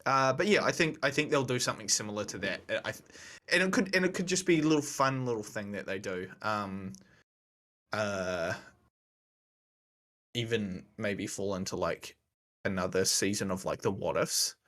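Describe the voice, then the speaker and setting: A man's voice: on the low side, expressive, moderate pace, a bit bright. A young man co-hosting a podcast, chatting casually in a rambling, slangy way. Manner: rambling, slangy, laughs often. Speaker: podcast co-host. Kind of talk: casual chat.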